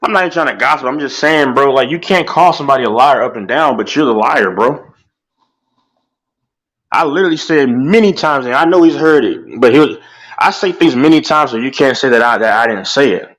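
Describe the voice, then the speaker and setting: A young man on a casual sports talk stream, animated and loud, ranting and repeating "bro". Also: medium pitch, fairly quick, poor audio. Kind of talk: heated casual sports chat.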